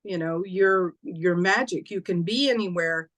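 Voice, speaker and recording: Woman telling a tender story. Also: lowish voice. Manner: halting, acts out dialogue softly. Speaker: guest. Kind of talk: emotional storytelling.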